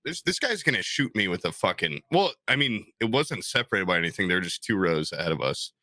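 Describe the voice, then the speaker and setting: A man co-hosting a casual podcast tells a rambling story, tripping over himself and restarting. He does the other people's lines in raised, excited voices. His voice is bright and forward, and the sound is dry and close. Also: low voice, a little fast, no room sound. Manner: rambling, self-interrupting, acts out quotes in raised voices. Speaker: podcast co-host.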